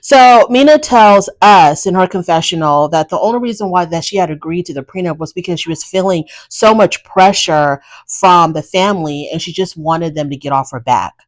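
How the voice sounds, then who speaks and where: A woman with a fairly low voice gives a casual recap of a reality TV episode. She is blunt and sassy and talks straight to the people she is discussing. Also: moderate pace, few pauses.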